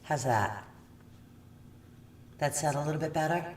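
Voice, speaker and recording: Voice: mid-range voice, animated, a little slow, echoey room. A true crime host talks casually on a livestream, chatty and apologetic. The mic sits some distance away, so the voice bounces around the room. A faint hiss runs underneath. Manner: chatty and apologetic, often checking the audio.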